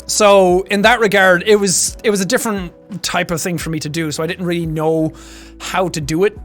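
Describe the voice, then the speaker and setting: A young Irish man chatting casually on a stream, animated and quick to laugh. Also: sits high, soft background music. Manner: animated, chatty, laughs often, slips into character voices.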